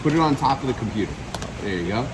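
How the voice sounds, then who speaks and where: A man coaching outdoors by a waterfall, giving emphatic, direct instructions and slowly demonstrating lines. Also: mid-range voice, lively intonation, noisy background. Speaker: media coach. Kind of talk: hands-on coaching session.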